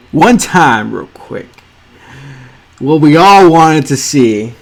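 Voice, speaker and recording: A man talks slowly and at a middle pitch, gushing over sneaker drawings on screen. His awe is theatrical, and his voice swings from loud outbursts to hushed near-whispers. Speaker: sneaker art channel host.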